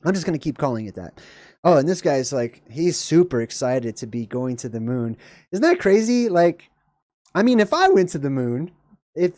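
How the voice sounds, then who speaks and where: Chatty streamer rambling through a reaction vid, lots of little laughs, mid pitch, dead dry mic. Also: mellow, no room sound. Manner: digressive, laughs often, jokey, sudden pitch jumps. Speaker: livestream host. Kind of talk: rambling live reaction commentary.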